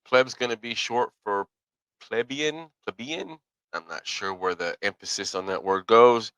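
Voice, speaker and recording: A middle-aged man speaks in a fairly low but bright, forceful voice. He rambles in an easygoing, folksy manner and stops to correct himself. The sound is dry and close, with little room in it. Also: smooth, no room sound, rough recording. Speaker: podcast host. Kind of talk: casual solo commentary.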